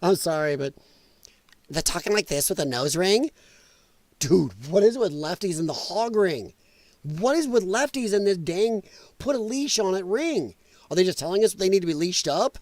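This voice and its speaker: A man's voice: sits high, animated, moderate pace, no echo. A man hosting a live stream, reacting to clips with sarcastic, mocking commentary and frequent laughter. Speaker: live-stream podcast host.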